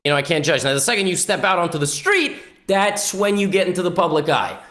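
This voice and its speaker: A man's voice: high-pitched, animated, quick pace, fairly bright tone. A man giving joking chess commentary in a playful, wisecracking way. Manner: playful, wisecracking, jumps into silly voices. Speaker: chess YouTuber.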